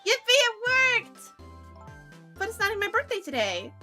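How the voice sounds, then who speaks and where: A woman reads a cheerful young woman detective in a video game, eager and earnest. The voice is high and lively with a bright tone. Faint music plays behind. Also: moderate pace, heavily acted.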